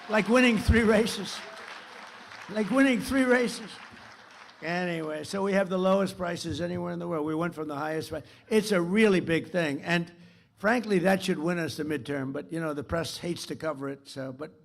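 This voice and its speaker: Older man as keynote speaker, off the cuff and repetitive, rough gravelly tone. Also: a little high. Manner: rambling, repetitive, boastful. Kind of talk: off-the-cuff speech to an audience.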